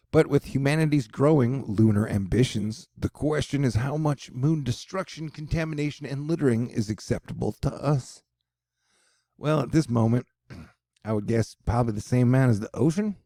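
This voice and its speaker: A man's voice: medium pitch, gravelly, mellow, dry recording, clean studio sound. A man reading and joking through a news story in a casual commentary, rambling into asides.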